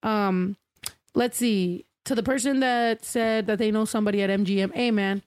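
A woman hosting a casual livestream, loud and excitable, out of breath and swearing freely. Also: medium pitch, normal speed, smooth. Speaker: livestream host.

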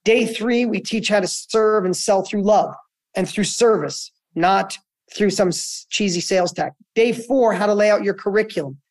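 This middle-aged man, an entrepreneur being interviewed, recounts a story with lively energy and plenty of restarts and repetitions. He has a high voice and talks at normal speed.

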